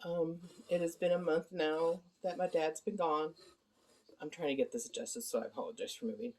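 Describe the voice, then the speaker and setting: Low-voiced woman, halting and soft-spoken. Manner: soft, halting, with many ums and apologies. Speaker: vlogger giving a personal update. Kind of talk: casual personal video update. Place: at home, indoor living room. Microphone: handheld phone camera.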